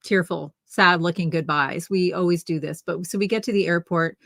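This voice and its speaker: Older woman, low and dry. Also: moderate pace, creaky, a bit bright, dry recording. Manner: chatty storyteller, restarts and acts out quotes. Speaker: co-host of a knitting livestream. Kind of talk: casual chat, telling a family story.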